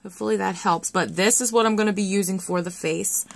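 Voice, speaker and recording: A young woman chatting excitedly through a nail art tutorial, full of fillers and self-deprecating asides. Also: mid-range voice, fast, creaky. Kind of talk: casual tutorial chat.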